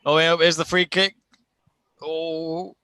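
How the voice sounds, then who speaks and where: Bright, slightly high man; rambling, laughing watch-along co-host. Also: level tone, slow, clear, resonant tone, no room sound. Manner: chatty, laughs often, rambling restarts. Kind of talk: casual chat over a live match.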